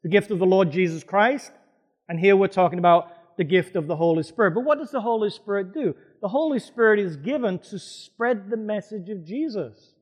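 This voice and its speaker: A man's voice: high-pitched, big-room sound. A male pastor preaching a sermon to a congregation, emphatic and putting questions to the room. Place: church hall before a congregation.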